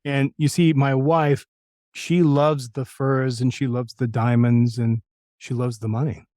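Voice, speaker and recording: A man imitating an older male voice-over star with a smooth, deliberate announcer delivery that is both genial and menacing, in a dry room. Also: medium pitch, flat delivery, darkish tone, no room sound, close to an everyday voice.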